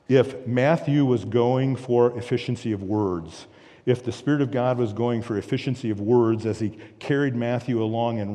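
A man's voice: mid-range voice, dark tone. A man preaching a sermon as pastor, earnest and emphatic, with repeated phrases and rhetorical questions. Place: church sanctuary. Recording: long reverb of a church hall.

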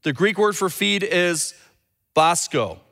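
A man preaching a sermon as a pastor, teaching earnestly and dropping low and slow when he quotes scripture. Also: lively intonation, vocal fry, sharp tone. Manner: repeats and restarts words when building a point.

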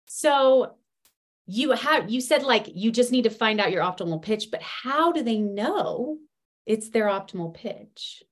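A woman's voice: a little high, expressive, a little slow. A woman hosting a sales podcast, asking her guest curious follow-up questions. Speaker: podcast host. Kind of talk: podcast interview.

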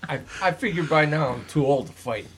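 A man in a casual group discussion making slow, joking remarks. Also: a little high, lively intonation, a little hiss or hum. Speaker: discussion participant.

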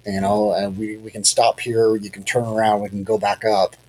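Deep-voiced man telling a rambling hunt story. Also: flat delivery, moderate pace, darkish tone, husky, poor audio. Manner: rambling, self-deprecating, many fillers and restarts. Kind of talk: casual storytelling on a podcast.

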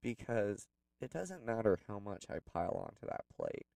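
A man's voice: on the low side, very animated, moderate pace, creaky, darkish tone, dry recording, far from the mic, low-quality recording. A man telling a personal story in a candid, rambling way, with plenty of fillers. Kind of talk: personal reflective monologue.

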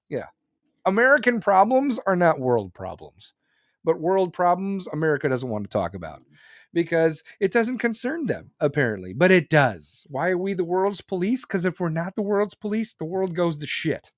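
Give me a blunt, profane male podcast host ranting, with a slightly high voice. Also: sing-song, normal speed, no echo, clean studio sound. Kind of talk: opinionated political rant.

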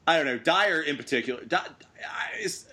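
Bright-voiced sarcastic podcast host man. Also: a little high. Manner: animated, sarcastic, quick asides with laughs. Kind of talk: casual sports podcast chat.

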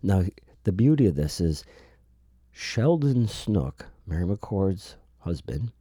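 Low, husky-voiced man, sarcastic and emphatic. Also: big pitch swings, takes it slowly, mellow, dry recording, clean studio sound. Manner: sarcastic, emphatic, rambling with frequent restarts. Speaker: political commentator. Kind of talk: solo political commentary monologue.

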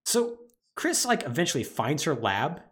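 A man's voice: on the high side, moderate pace. A man co-hosting a podcast, recapping a plot in a casual chat and laughing often. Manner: animated storytelling recap with laughter. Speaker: podcast co-host.

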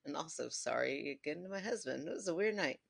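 A woman's voice: deep voice, fast talker, vocal fry. A woman from the United States co-hosting a podcast, chatting casually and reading a listener story aloud, laughing often. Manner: giggly, animated, laughs often. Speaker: podcast co-host.

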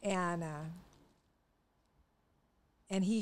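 Soft-spoken older woman chatting. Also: medium pitch, lively intonation, fairly quick. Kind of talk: casual chat.

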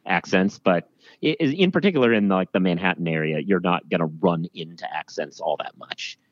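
A man guest on a podcast, answering questions in a thoughtful, measured way. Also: low-pitched, expressive, no echo, dull audio. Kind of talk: casual interview chat.

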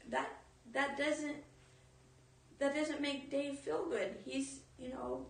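Woman, earnest informal preacher, gravelly edge, distant mic in an echoey room. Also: sits high. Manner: earnest, storytelling, with restarts. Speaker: speaker in a teaching talk. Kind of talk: informal sermon.

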